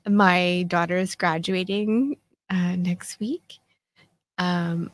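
A woman in her fifties hosting a casual solo podcast chat, talking in a chatty, self-mocking way with lots of fillers. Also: medium pitch. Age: 50s. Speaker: podcast host.

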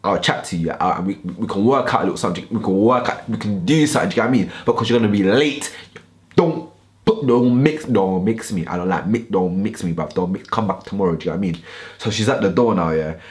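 A man's voice: fairly low pitch, fast. A young man telling a storytime vlog in heavy slang, acting out the voices in his story. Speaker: YouTuber.

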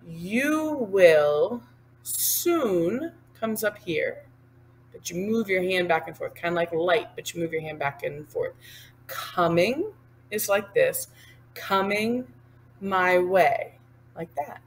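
A woman whose voice is on the low side, with lively intonation, leads a step-by-step sign language lesson with sung lines. She patiently explains each sign's hand movement slowly before singing it, and a little hiss or hum runs under the audio.

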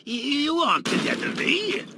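A man voicing a sneering, mocking male clown villain in a video game, with a gravelly, teasing delivery. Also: very high voice, very animated, unhurried, very noisy, full character voice. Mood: taunting.

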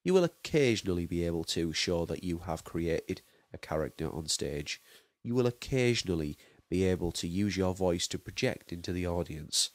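Low-voiced guy teaching, careful and steady, lists things out one at a time, dry sound. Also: no echo. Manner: measured, listing terms one by one. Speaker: drama teacher. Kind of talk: explanatory lesson.

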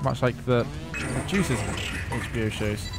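A British man cracking wry jokes while playing a game with friends. His voice sits at a middle pitch, with game music loud behind him. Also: moderate pace. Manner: wry, joking. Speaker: gaming video host. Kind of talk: casual gaming banter.

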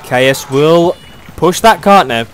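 A young British man doing excitable play-by-play commentary on a video game match, chuckling often. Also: a little high, slow, slight background noise.

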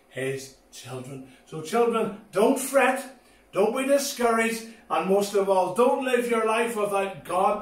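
A man with a high voice gives an animated children's sermon, swinging between loud, bright exclamations and soft, low asides. The sound is echoey and a little distant, as though the mic sits across the room.

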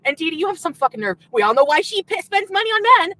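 High, lively woman ranting furiously. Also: quick pace, dry recording, low-quality recording. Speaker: streamer in a played clip. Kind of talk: angry rant at an ex. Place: in a moving car.

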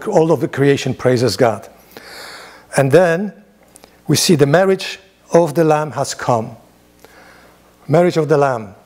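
A priest leading a Bible study in a church, reading scripture aloud in a lifted voice and then explaining it in plain, conversational asides with rhetorical questions. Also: male voice, medium pitch, a little mellow.

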